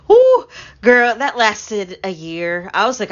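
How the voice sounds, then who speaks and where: A woman's voice: a little high, sing-song, slow, long pauses. Chatty woman on a stream. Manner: chatty, laughs often, talks to chat. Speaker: livestream host. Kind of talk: casual live-stream chat. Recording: dull lo-fi stream audio.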